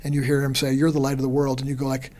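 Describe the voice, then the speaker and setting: A man's voice: medium pitch, rapid-fire. A man in casual conversation, explaining ideas with many restarts and by quoting imagined voices. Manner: animated, quotes and acts out others' thoughts, many restarts.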